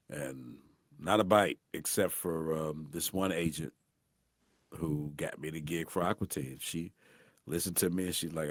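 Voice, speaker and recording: Deep-voiced middle-aged man telling stories. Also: no room sound, clean studio sound. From St. Louis, USA. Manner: animated, acts out voices in anecdotes. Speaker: guest voice actor. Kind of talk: casual storytelling interview.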